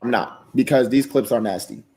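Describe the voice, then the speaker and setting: A man's voice: mid-range voice, moderate pace, dark tone. A man talking casually on a livestream in a subdued, serious way, repeating himself as he makes his point.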